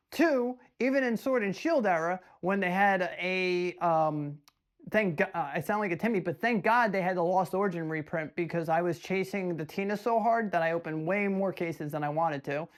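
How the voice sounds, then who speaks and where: Animated, chatty man vlogging. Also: high voice, moderate pace. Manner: animated, rhetorical, storytelling with many restarts. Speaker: trading card collector vlogger. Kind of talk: casual direct-to-camera vlog.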